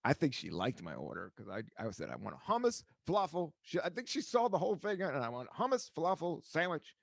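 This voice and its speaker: A talkative man in his forties hosts a casual podcast, wandering from story to story and swearing freely as he acts out other people's lines. His pitch swings widely and sits a touch high for a man. The sound is close and dry, with no room around it. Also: huge pitch swings, a little fast, creaky, no echo. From United States. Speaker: podcast host. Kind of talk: casual chat.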